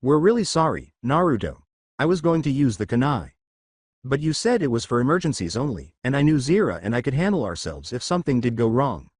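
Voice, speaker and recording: A man reading the lines of an excitable young girl, pleading in a rush. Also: medium pitch, a little fast, breathy edge, no room sound, clean studio sound.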